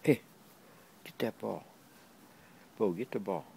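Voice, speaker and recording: A man's voice: on the low side, slow pace, gravelly, dark tone, slight background noise. A man in a backyard talking to his dog in sing-song baby talk, repeating himself while filming on a handheld camera. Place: backyard, outdoors.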